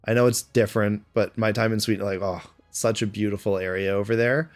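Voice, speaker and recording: A man's voice: fairly low pitch, fairly even intonation, fairly quick, faint music behind. A man with a Canadian accent, chatting casually on a live stream and answering viewers' questions aloud. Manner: chatty, answers chat questions aloud between game moments.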